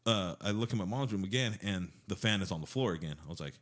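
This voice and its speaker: A man with a very low voice rushes through a story in casual podcast talk. He swears a lot and acts out the lines of people in the story. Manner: swearing, animated storytelling with acted-out quotes. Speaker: podcast guest.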